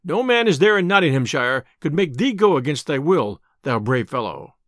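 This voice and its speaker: A man voicing a sheriff's messenger who coaxes and flatters in old-fashioned speech, from a storybook reading. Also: fairly high pitch, moderate pace, no room sound, studio quality. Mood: coaxing. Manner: coaxing archaic speech.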